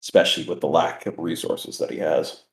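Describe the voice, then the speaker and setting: A man playing a tabletop game who speaks in a matter-of-fact, measured way. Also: low-pitched, fairly even intonation. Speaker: player. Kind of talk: casual tabletop play. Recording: roomy echo.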